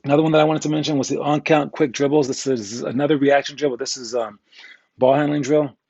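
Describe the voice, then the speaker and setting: A man's voice: fairly high pitch, fairly even intonation, quick pace, vocal fry, darkish tone, slightly rough, no echo, lo-fi sound. A man coaching youth basketball players in a casual, candid way, joking and rambling, with slang thrown in. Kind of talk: casual instructional talk.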